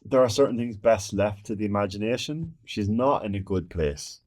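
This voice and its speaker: A man's voice: fairly low pitch, moderate pace, a little mellow. A man playing in a tabletop game, chatting casually with dry, wry remarks. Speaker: player.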